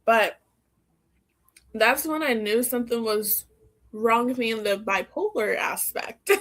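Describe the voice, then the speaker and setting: A young woman with a slightly high, somewhat bright voice speaks slowly with lively intonation while co-hosting a podcast. The chat is casual, she laughs frequently, and she uses "like" a lot.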